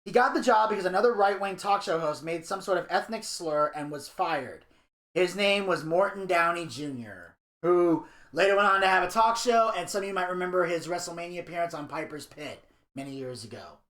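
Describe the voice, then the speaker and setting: A man co-hosting a podcast, casually recapping a documentary and telling stories with lively impressions. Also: sits high, brisk, echoey room. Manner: animated storyteller, slips into impressions. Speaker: podcast co-host. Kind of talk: casual review chat, reading episode notes.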